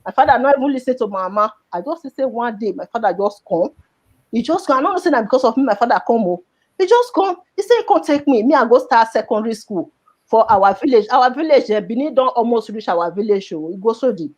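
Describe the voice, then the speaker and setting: A woman's voice: fairly high pitch, lively intonation, quick pace, darkish tone. A woman with a Nigerian Pidgin accent telling a personal story in an emotional, repetitive way.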